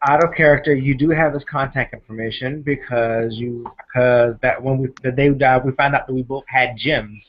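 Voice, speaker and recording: A man's voice: medium pitch, fairly even intonation, normal speed, hardly any pauses. A man giving helpful out-of-character reminders to another player in a voice-chat role-play game, on a dull lo-fi voice chat recording.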